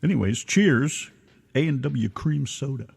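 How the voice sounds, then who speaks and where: A man's voice: medium pitch, a little slow, creaky, a little mellow, breathy edge. A man co-hosting a casual radio show, joking and rambling in a loose, chatty way. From United States.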